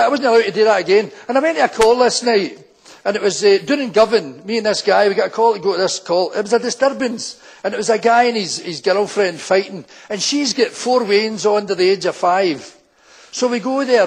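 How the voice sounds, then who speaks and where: An older Scottish man with a broad Glaswegian accent spins police anecdotes as live stand-up, slipping into the voices of the people he met. His voice sits fairly high for a man and has a husky edge to it. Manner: anecdotal, acts out quoted characters in broad local dialect. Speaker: stand-up comedian, former policeman. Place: town hall stage before a full house.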